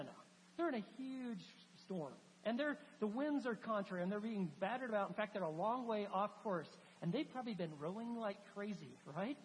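A woman preaching a sermon, telling a Bible story with animated emphasis and reading scripture aloud. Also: mid-range voice. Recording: hall reverb with faint hum.

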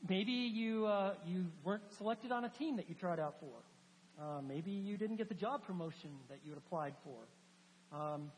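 Pastor, lively sermon, acts out scripture, jokes with congregation, long hall reverb, faint hum. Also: medium pitch, moderate pace. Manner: animated, acting out scripture and joking with the congregation.

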